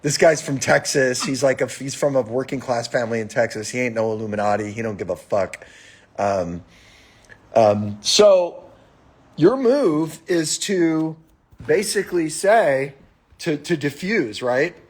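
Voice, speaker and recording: A man's voice: mid-range voice, a little slow, breathy edge. A man hosting a podcast in casual, profane chat, acting out stories and swearing freely as he gets worked up. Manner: animated storytelling, swearing, rises to shouts. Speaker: podcast host.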